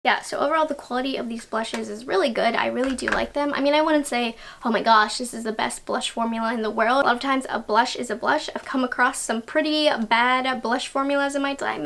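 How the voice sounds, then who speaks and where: A woman's voice: sits high, vocal fry, fairly bright tone. A young woman chatting casually and enthusiastically as she reviews beauty products, laughing at herself now and then.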